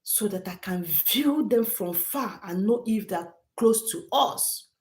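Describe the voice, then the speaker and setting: A woman voicing a hushed, frightened father. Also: medium pitch, animated, slow. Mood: hushed urgent. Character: frightened father hiding his family.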